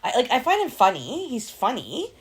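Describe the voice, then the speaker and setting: A middle-aged woman co-hosting a podcast, telling family stories in an animated, casual way. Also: on the high side, normal speed. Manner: animated storytelling, acting out family conversations. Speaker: podcast co-host. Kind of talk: casual chat.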